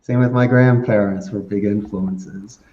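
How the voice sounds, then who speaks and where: A man giving animated, story-filled interview answers and laughing often. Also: lowish voice, a little slow. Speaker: podcast guest. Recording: echoey, dull lo-fi sound.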